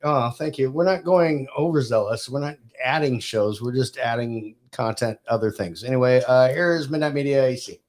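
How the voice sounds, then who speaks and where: A woman co-hosting a casual podcast, talking slowly and laughing loudly. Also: extremely low pitch. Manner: slow, drawn-out talk with big laughs. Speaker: podcast co-host. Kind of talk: casual live podcast chat.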